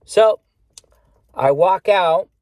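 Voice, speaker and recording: A man's voice: sits high, drawn-out words, darkish tone, no echo. A man ranting casually on a vlog, rambling and swearing a lot, filling gaps with "you know". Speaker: vlogger. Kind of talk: casual rant to camera.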